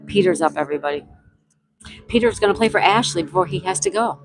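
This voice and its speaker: A woman's voice: fairly low pitch, fast. A woman hosting a casual live stream, chatting with viewers, reading their comments aloud and spelling out game letters. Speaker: livestream host.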